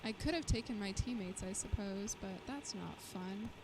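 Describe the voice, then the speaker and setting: A woman's voice: mid-range voice, moderate pace. A woman immunologist streaming a shooter game, chatting to viewers and yelping when things go wrong. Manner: excitable, yelps and chatters to viewers while playing. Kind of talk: live-streamed gameplay commentary. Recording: loud game noise behind voice.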